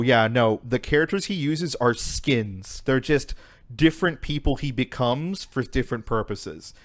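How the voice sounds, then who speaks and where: A young man co-hosting a podcast, retelling a story in casual chat with lots of swearing and fillers. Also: medium pitch. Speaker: podcast co-host.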